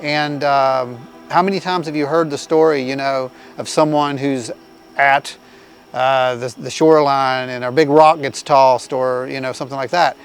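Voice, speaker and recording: A man's voice: mid-range voice, fairly even intonation, normal speed, smooth, faint music behind, rough recording. A man in a documentary interview who explains his ideas by reasoning aloud.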